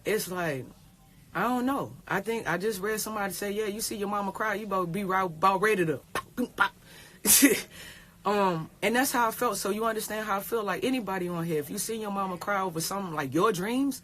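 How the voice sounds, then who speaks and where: A woman's voice: mid-range voice, brisk, a bit bright. A woman, talking in a rambling, tearful way on a phone livestream, repeating herself and swearing. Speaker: pro basketball player. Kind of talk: casual livestream talk.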